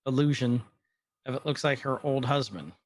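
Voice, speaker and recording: A man's voice: mid-range voice, a little hiss or hum. A man co-hosting a podcast, chatting casually and rambling as he retells scenes. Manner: rambling, retells scenes with quick quoted lines. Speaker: podcast co-host. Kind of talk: casual chat recapping a TV episode.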